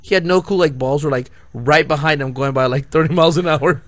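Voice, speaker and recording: A man's voice: on the high side, fairly quick, a bit bright, no echo. Rambling, laughing male storyteller. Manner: rambling storyteller, heavy on "like" and restarts, laughing often. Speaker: podcast co-host. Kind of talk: casual chat.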